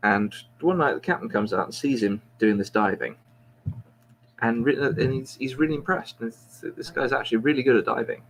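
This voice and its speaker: A man's voice: mid-range voice, normal speed, slight background noise. A man, a podcast host, telling a long joke in a rambling, self-mocking way with many restarts.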